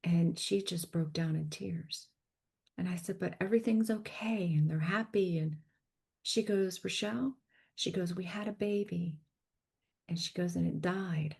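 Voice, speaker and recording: A woman's voice: lowish voice, unhurried, creaky, husky. A woman telling a personal story as a podcast guest, acting out the people she quotes and dropping to a whisper at tense moments. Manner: animated storyteller, acts out quoted voices, drops to a whisper.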